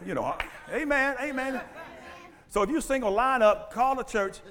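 A male pastor preaching a sermon in church on a mic, animated and full of call-and-response questions. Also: extremely high pitch, moderate pace, long reverb tail. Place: church sanctuary. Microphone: handheld or stand mic.

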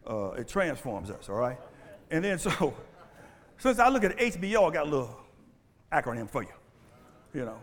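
A male pastor preaching a sermon in church on a mic, animated and full of call-and-response questions. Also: a little high, moderate pace, long pauses, big-room sound. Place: church sanctuary. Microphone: handheld or stand mic.

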